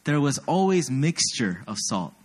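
A young adult man giving a sermon, an animated storyteller who teases himself and keeps checking in with his listeners. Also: mid-range voice, a little slow, breathy edge. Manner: animated storyteller, self-deprecating, asks the audience often. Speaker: pastor.

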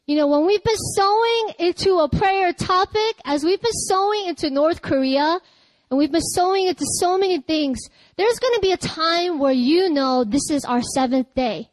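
A woman pastor preaches in a lively, chatty way, often laughing and bursting into loud cries. Her voice sits high, and the sound is dry and close to the mic, with no room around it. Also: moderate pace, no echo, low-quality recording. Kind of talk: sermon.

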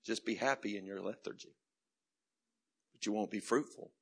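A man preaching a sermon as pastor, building from quiet reflection to shouted climaxes in a rhythmic, repetitive cadence. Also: on the low side, moderate pace, slightly rough.

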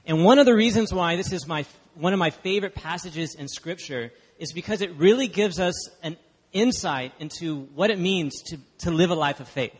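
A man's voice: sits high, moderate pace, slightly rough. A man from Texas, preaching a sermon as guest speaker, chatty and emphatic with the congregation. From Dallas, Texas. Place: church hall. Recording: long hall reverb.

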